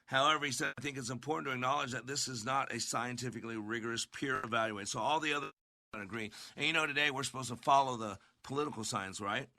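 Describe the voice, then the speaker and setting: A man's voice: mid-range voice, fast, sharp tone, no echo. A man hosting a faith-minded podcast, talking in earnest, preacher-like bursts and hammering phrases through repetition. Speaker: podcast host. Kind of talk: preachy commentary.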